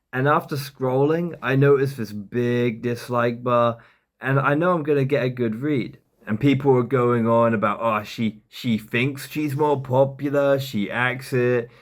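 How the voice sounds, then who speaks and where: Sarcastic man doing comedy commentary. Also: mid-range voice. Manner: sarcastic, mocking. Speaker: commentary YouTuber.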